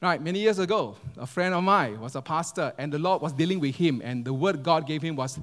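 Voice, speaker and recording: A man preaches with a slightly high voice, mixing humorous stories with questions to the congregation. His sermon carries through a church hall with a long echo. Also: lively intonation, a little fast, hardly any pauses, fairly bright tone. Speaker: pastor. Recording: echoey hall.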